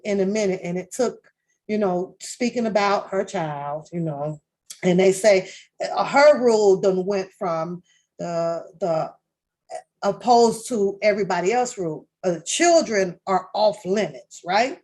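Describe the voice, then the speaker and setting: A woman's voice: medium pitch, a little mellow. A woman hosting a reaction channel, rambling through casual commentary on a reality show with lots of swearing, restarts and laughter. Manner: rambling, profane, laughs often, many restarts.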